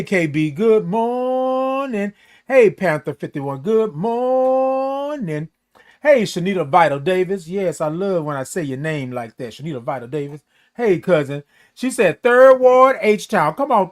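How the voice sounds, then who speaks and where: High-voiced playful man host. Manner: playful, greets viewers by name, drawls. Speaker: morning show host. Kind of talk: casual livestream chat. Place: home with Christmas decorations. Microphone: camera close to face.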